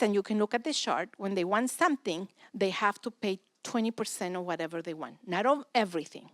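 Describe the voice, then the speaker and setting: A middle-aged woman whose first language is Russian gives a church teaching talk on parenting, acting out children's complaints in lively storytelling. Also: mid-range voice, no room sound, clean studio sound.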